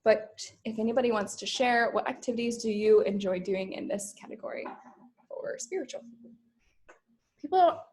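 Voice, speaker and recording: A woman's voice: a little high, normal speed, darkish tone, slight background noise. A young adult woman, a personal development coach, talking casually with her group and filling her speech with "like" and "um". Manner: chatty, fills speech with "like" and "um".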